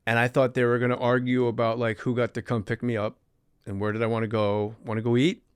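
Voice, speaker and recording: A man hosting a podcast, telling animated, wry stories about his life in comic storytelling style. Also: medium pitch, fast talker, smooth, no echo, studio quality. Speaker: comedian podcast host.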